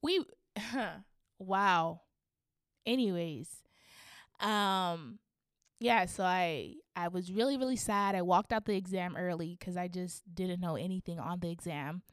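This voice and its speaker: Young woman, podcast host, slow animated storyteller, dry close sound. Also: lowish voice, smooth, dry recording. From Canada. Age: young adult. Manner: animated, swings from hushed to shrieking; laughs through her own story. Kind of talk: casual storytelling.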